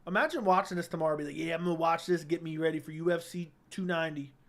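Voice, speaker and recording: A young man with a high, light voice hosts a relaxed livestream. He talks into a close studio microphone, reading viewer comments aloud and joking between them. His delivery stays easygoing and conversational. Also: racing. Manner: laid-back, reads chat aloud, joking. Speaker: livestream host. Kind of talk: casual livestream chat. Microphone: studio dynamic mic.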